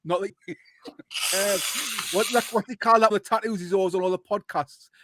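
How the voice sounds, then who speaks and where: A man's voice: sits high, fairly even intonation, normal speed, noisy background. A man hosting a casual football podcast, bantering and swearing freely. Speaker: podcast host.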